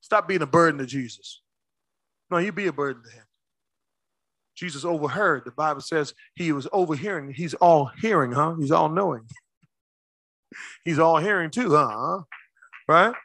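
High, lively preacher with a bright, dry voice. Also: male voice, normal speed, long pauses, no echo. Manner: swings from shouting to hushed, calls out to the congregation. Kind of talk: sermon.

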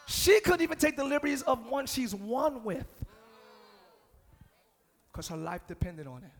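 High, gravelly-voiced man preaching. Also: very animated, measured pace, long pauses. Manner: preaching with shouts and sudden drops to near-whispers. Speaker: pastor. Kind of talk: live sermon. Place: church sanctuary. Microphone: handheld or stage mic.

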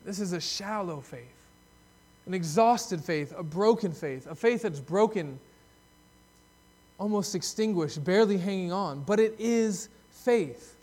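An earnest male pastor preaching a sermon with a high-pitched voice. He swells loud and high when he voices a desperate plea, then sinks soft and low to reflect. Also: expressive, measured pace.

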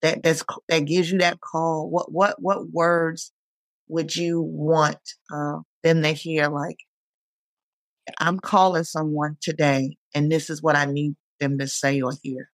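A podcast host speaking haltingly with many fillers while thanking and questioning a guest. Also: mid-range voice, level tone, no echo. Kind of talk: conversational interview.

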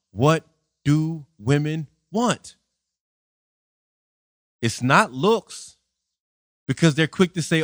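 A man's voice: on the high side, expressive, extremely slow, pauses often, fairly bright tone, no room sound, clean studio sound. A man in a casual monologue rant, blunt, profane and exasperated.

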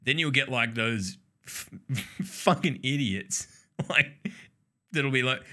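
A man chats loosely on a podcast, swearing freely and breaking into laughter often. His voice has a bright, forceful edge that cuts through, landing at a middling pitch for a man. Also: sing-song, takes it slowly. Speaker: podcast co-host. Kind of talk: casual chat.

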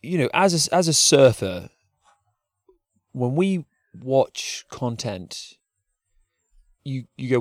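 A man co-hosting a podcast in casual chat, animated and rambling with frequent laughs. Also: medium pitch, a little slow, dry recording, studio quality. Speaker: podcast co-host.

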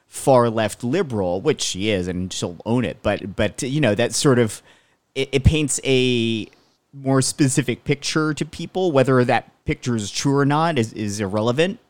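Measured man in a dry room. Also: medium pitch, dry recording. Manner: measured, reasoning things through. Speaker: podcast co-host. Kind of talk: casual chat.

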